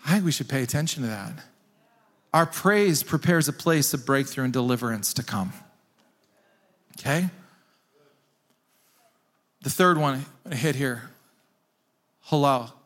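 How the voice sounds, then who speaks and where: A male pastor preaching a sermon to his church, emphatic and animated, repeating phrases for effect. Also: mid-range voice.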